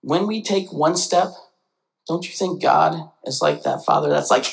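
Animated pastor with a gravelly voice. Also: male voice, a little slow, poor audio. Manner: animated, acts out quoted voices with big pitch jumps. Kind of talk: sermon. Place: church sanctuary.

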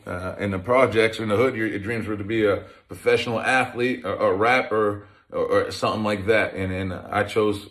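A man in his thirties, a former pro football player, telling his life story in a conversational way, with many restarts. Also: on the low side. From Massachusetts, USA. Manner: conversational, with frequent restarts and fillers. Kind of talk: personal storytelling talk.

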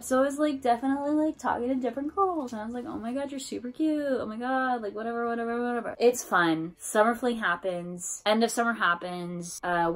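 Animated, swearing young woman storyteller. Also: mid-range voice. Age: 20s. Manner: animated, profane, acts out her own past thoughts in quick asides. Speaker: vlogger. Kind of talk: casual storytelling monologue.

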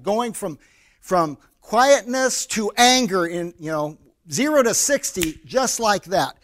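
A man with an American accent, a pastor preaching a sermon in a conversational way and acting out little scenes in quoted voices. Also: high-pitched.

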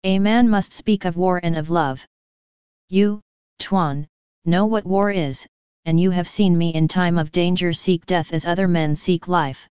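A woman voicing a grieving Malay man who speaks low, calm and composed. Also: a little slow, clean tone, no echo, lo-fi sound. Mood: quiet mournful.

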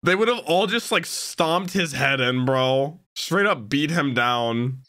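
Give me an excitable young man hosting an anime reaction, with a bright, lively voice. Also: mid-range voice, takes it slowly. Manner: excitable, loud outbursts and slangy banter. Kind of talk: casual reaction commentary.

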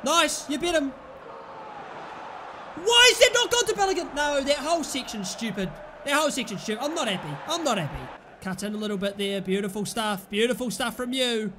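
Young British man, gameplay commentator, very high voice, exasperated and shouty. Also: a little fast, noisy background. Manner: exasperated, yells at his players and the referee. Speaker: gaming YouTuber.

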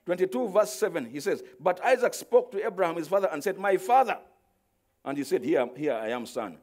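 A male pastor preaching, with a voice that sits a little higher than most men's. He drops to quiet, low storytelling and then climbs into loud, drawn-out cries, repeating words as he goes. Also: lively intonation. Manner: swings from quiet explaining to shouted, drawn-out exclamations; repeats words when searching for them. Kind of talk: sermon.

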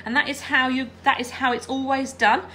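Bright, high-voiced woman teaching quilting. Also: steady tone, brisk, slight background noise. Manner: chatty, checks in with "all right?". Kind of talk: hands-on craft tutorial.

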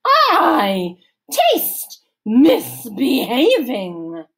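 A stern older camp director barks her questions slowly, each word stretched out. A woman puts her on as she reads a storybook aloud. The voice sits higher and louder than the reader's own. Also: huge pitch swings, exaggerated voice. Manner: slow, loud, demanding.

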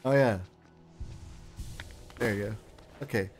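A man's voice: on the low side, slow pace, husky, faint music behind. A man streaming a game while chatting casually, rambling and swearing now and then.

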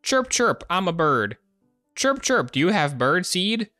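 Figure: a man squeaking as a chirpy pet. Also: big pitch swings, a little slow, bright, forceful tone, no room sound, faint music behind, heavily acted. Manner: high squeaky yelps between words. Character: silly pet begging adoption, cat, dog, bird. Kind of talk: game voice chat role-play. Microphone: desk microphone.

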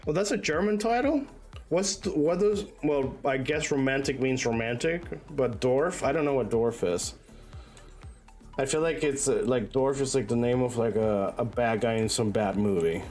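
A casual male streamer who talks in a loose, rambling way, full of swearing, restarts and fillers. His voice sits at a middle pitch, and faint music plays underneath as he chats with his viewers. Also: lively intonation, moderate pace, darkish tone.

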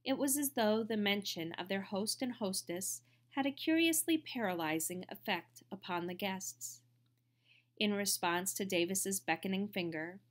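A woman narrating an audiobook in a measured, expressive reading voice. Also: medium pitch. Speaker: audiobook reader.

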